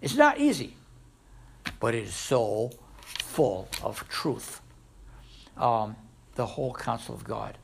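A man preaching a sermon as a pastor, with sudden loud rises and soft drops. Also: mid-range voice, wildly swooping pitch, slow, vocal fry, long pauses, a little hiss or hum.

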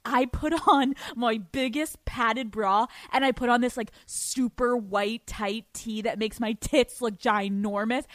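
A young woman with a fairly high, slightly bright voice hosts a podcast, recorded with no echo. She tells a story in a casual monologue, giddy and profane, laughing often.

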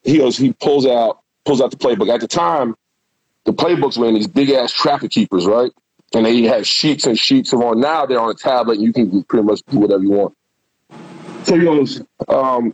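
A former pro football player, a man, tells loose, profane stories from his playing days in a casual interview. His voice is husky. The recording is dull and lo-fi, with a dry sound. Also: medium pitch, moderate pace, dry recording. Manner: candid, profane, loose storytelling.

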